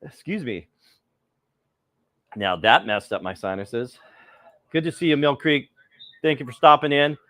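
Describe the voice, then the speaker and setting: A middle-aged man runs a live cooking stream in a loose, rambling chat, calling out viewers by name between steps. He sounds a little cold. His voice sits at an ordinary pitch and is recorded dry and close, with no room echo. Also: a little slow, pauses often, fairly bright tone.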